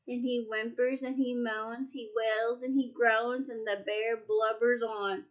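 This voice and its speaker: A woman's voice: fairly high pitch, flat delivery, a little slow, few pauses, lo-fi sound. A woman reading a rhyming picture book aloud, with a rhythmic, sing-song delivery. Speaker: storyteller.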